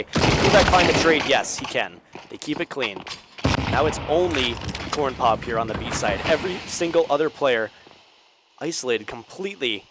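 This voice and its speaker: A young man casting an esports match solo, with energetic play-by-play that climbs on big plays. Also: medium pitch, heavy background noise. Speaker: esports caster. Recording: game gunfire loud under voice. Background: game sound effects and gunfire.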